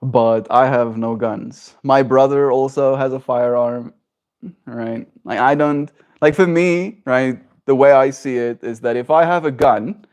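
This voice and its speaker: A young South African man live streams, chatting casually while reading viewer comments, in a medium-pitched voice that's a little slow. His self-shaped neutral accent leans slightly American, and he's chatty and animated, peppering his talk with "like" and "right?"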